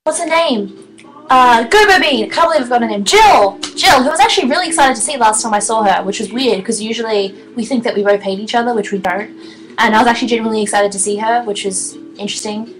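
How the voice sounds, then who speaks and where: A woman in her twenties chatting casually on her live stream, excitable, giggly and rambling. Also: on the high side, fast talker, faint music behind, poor audio. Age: 20s.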